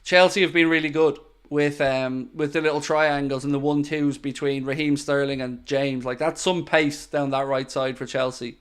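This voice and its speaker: A man's voice: fairly high pitch, fairly even intonation, moderate pace, hardly any pauses, clear, resonant tone. A man hosting a live football watchalong, chatting casually, thanking viewers and giving tactical opinions. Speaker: football channel host.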